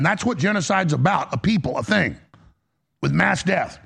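A man holds forth on a political commentary show, heated and emphatic, restarting sentences as he goes. His voice is high and swings widely in pitch, with heavy vocal fry and a husky edge. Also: lively intonation, a little fast, fairly bright tone.

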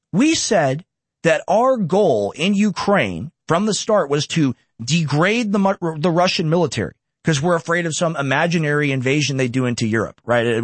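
A man's voice: on the high side, no room sound. A man from Texas hosting a political commentary show, ranting sarcastically and reading news aloud with cutting asides. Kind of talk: opinionated political monologue.

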